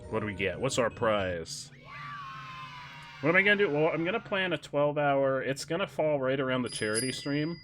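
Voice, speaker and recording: A man's voice: on the high side, lively intonation, quick pace, hardly any pauses, fairly bright tone, raised voice, soft background music. Jokey male streamer. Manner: jokey, laughs often, rambling self-corrections. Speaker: game streamer. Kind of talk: casual live-stream chat.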